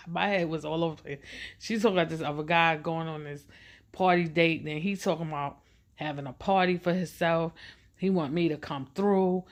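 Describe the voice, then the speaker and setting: A woman telling a personal story in a loose, chatty way. Her voice sits a little low, and she jumps into the voices of the people she quotes.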